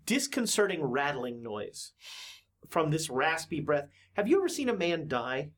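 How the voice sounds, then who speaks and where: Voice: mid-range voice, sing-song, measured pace. A game master narrating a tabletop horror game, hesitant, with many fillers and restarts.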